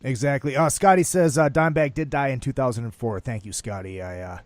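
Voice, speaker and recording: A man's voice: mid-range voice, fairly quick, no echo, clean studio sound. Loose-talking, profane man hosting a chat. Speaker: show host. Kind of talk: casual talk show chat.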